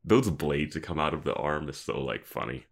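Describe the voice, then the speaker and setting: A man's voice: a bass voice, expressive, a little fast. A man co-hosting a casual chat, rambling and often laughing as he talks. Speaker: podcast co-host.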